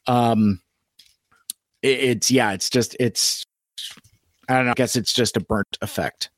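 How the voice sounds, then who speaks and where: A man chats his way through a live-stream toy review in a halting, rambling manner, stopping often and starting over. His voice sits at an ordinary middle pitch. The sound is dry and close, with no room echo. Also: steady tone. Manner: rambling, halting, many fillers and restarts.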